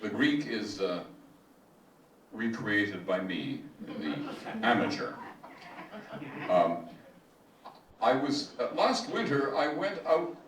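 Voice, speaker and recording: An older man giving a slow, digressive, self-deprecating talk about reciting ancient verse, as an amateur classics reciter. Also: lowish voice, sing-song, fairly bright tone. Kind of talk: spoken lecture with recitation. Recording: echoey room, mic at a distance, faint hiss.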